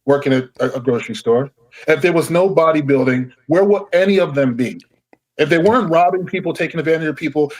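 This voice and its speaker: A middle-aged man, tired and angry, ranting heatedly with lots of swearing as a podcast guest. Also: fairly high pitch. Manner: heated, profane, emphatic.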